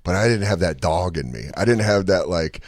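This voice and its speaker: A man's voice: sits low, brisk, no room sound. A man from Colorado hosting a podcast, telling stories in a casual, profane way and slipping into voices for the people in them. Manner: animated, profane storytelling with voiced impressions. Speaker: podcast host and comedian.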